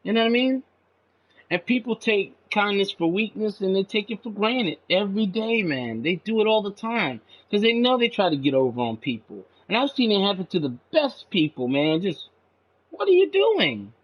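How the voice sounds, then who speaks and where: A high-pitched man rambles in a casual, profane monologue, dropping "man" into his sentences. His voice jumps up sharply when he gets indignant. The recording sounds dull and lo-fi. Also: animated, normal speed. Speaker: channel host.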